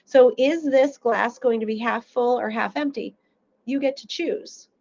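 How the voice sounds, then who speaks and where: A woman's voice: fairly high pitch, a little slow, vocal fry, lo-fi sound. A woman audiologist giving an educational seminar, telling stories and acting out little quotes as she explains. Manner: animated storytelling with acted-out quotes.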